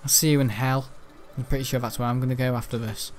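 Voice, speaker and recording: This man chats through casual gameplay for his gaming channel, rambling, laughing a lot, and bursting out excitedly. He talks fast in a mid-range voice, with a bit of hiss or hum in the recording.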